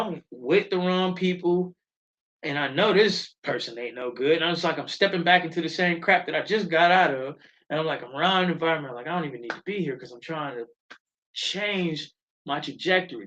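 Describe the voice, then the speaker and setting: A middle-aged man, telling stories in an animated, preachy way as a live show host. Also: a little high. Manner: animated storytelling, preachy and emphatic. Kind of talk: casual live-stream talk. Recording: dull lo-fi stream audio.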